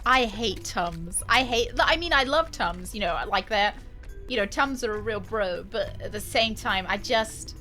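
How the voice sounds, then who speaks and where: A woman's voice: medium pitch, animated, measured pace, bright, forceful tone. A woman casually commenting on a video game she is playing, playful, jokey and crude, often laughing and reading game lines aloud. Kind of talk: casual live-stream commentary. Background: game music.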